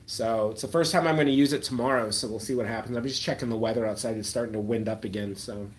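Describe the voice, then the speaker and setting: A man's voice: medium pitch, fast talker. A man chatting casually on a live stream and answering viewer comments, rambling with ums and letting his sentences trail off into a mumble. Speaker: slot-machine YouTuber hosting a live chat.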